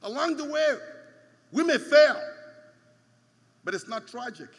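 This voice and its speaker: High bright-voiced preacher in echoing hall. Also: male voice, animated, measured pace. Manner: emphatic, repeats phrases for stress. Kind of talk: sermon. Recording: long hall reverb.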